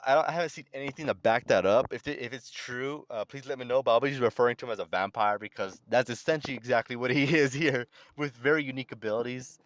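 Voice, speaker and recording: A man casually recapping a comic story in relaxed, conversational commentary. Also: mid-range voice, no room sound. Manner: relaxed, conversational, reads characters' lines aloud in his own voice. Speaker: manga recap channel host.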